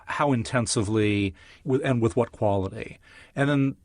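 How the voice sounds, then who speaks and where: A man as a science guest on an interview show, explaining in a measured, lecture-like way with vivid examples. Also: medium pitch, darkish tone, no echo, clean studio sound. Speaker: neuroscientist guest.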